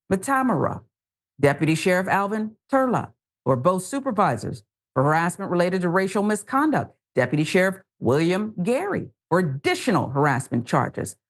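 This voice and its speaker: A woman co-hosting a news show, reading stories and adding sarcastic, animated asides. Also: mid-range voice. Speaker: news co-host.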